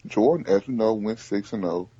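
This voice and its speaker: A man hosting a casual sports podcast, talking in animated bursts and repeating himself as he makes his point. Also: fairly low pitch, moderate pace, slightly rough, no room sound, muffled recording. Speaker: podcast host.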